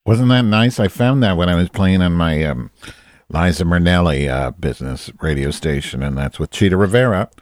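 A man's voice: sits low, animated, moderate pace, a little mellow, dry recording. A man hosting a podcast, chatting casually in a rambling, self-deprecating way with campy asides. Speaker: podcast host. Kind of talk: casual solo chat.

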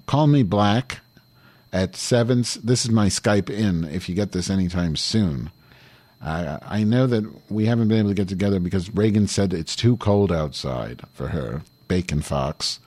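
A man's voice: low voice, a little mellow, no room sound. A man playing Madge Weinstein, a vulgar, irritable diva hosting a comedy show, rambling and swearing while making calls over Skype at home. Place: home, calling through Skype.

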